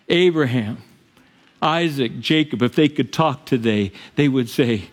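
A man's voice: medium pitch, expressive, a little slow. A middle-aged man preaching a sermon to his congregation in a church, earnest, chuckling between points. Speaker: pastor. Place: church sanctuary.

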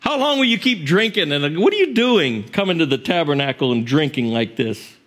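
A man's voice: on the high side, big pitch swings, fairly quick, a bit bright. A man voicing a stern old priest who scolds a woman he thinks is drunk. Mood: scolding.

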